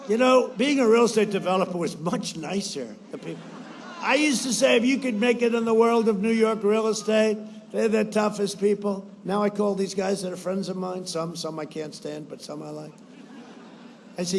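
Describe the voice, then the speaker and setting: A man with a fairly high voice holds forth at a campaign rally. He brags, repeats himself, and swings between loud bursts and quieter asides, acting out other people's words in quotes. A faint hiss of noise sits behind him. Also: normal speed. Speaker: politician addressing supporters.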